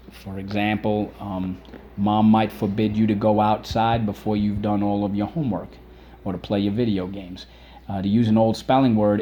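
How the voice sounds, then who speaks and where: A man's voice: lowish voice, warm tone, slight background noise. A male teacher leading a children's spelling lesson, drilling words aloud, asking questions and praising answers. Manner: drills words aloud, repeats them slowly and emphatically; encouraging, asks questions and praises.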